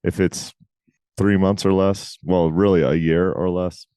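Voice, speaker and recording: A man co-hosting a podcast in casual chat, talking emphatically with quick asides. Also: low voice, fairly even intonation, mellow, smooth, no echo. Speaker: podcast co-host.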